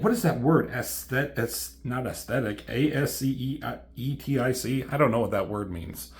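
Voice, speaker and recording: A man's voice: mid-range voice, expressive, a little slow. Sarcastic profane male comic reviewer. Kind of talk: comedic commentary.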